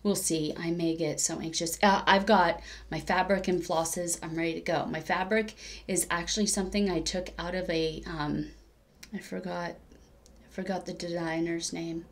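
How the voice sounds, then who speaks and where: A woman's voice: lowish voice, steady tone, moderate pace. Chatty woman on a stitching vlog. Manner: chatty and rambling, with frequent self-corrections and laughter. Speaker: cross-stitch vlogger. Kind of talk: casual crafting vlog chat.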